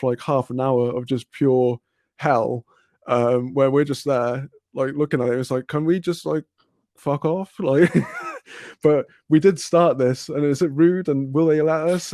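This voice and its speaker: A man's voice: mid-range voice, steady tone, normal speed, dark tone, no echo, clean studio sound. A man telling a long casual story on a podcast, rambling, swearing and laughing often. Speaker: podcast host.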